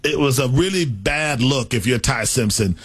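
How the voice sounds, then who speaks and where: A man's voice: mid-range voice, lively intonation, normal speed, slightly rough. A man co-hosting a sports talk show, giving opinionated takes and thinking aloud.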